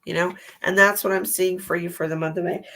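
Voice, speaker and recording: A woman's voice: on the low side, little pitch movement, fairly quick, creaky, pushed and bright. A woman hosting a psychic livestream, giving tarot readings and chatting casually with viewers, with a stuffy nose from allergies. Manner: chatty, rambling, laughs at herself.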